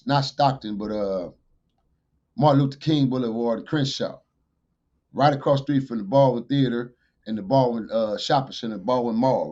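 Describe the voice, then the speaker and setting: A man, a podcast guest, telling a street story in animated fashion. He swears freely and gets loud whenever he quotes himself. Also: medium pitch, lo-fi sound. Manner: profane, loud bursts when quoting himself.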